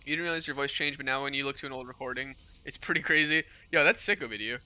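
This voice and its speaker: A young man hosting a livestream, chatting casually with his chat in a relaxed, rambling way. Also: medium pitch, fast, lo-fi sound. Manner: relaxed rambling with fillers and laughs. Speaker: livestream host. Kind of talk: casual stream chat with chat readers.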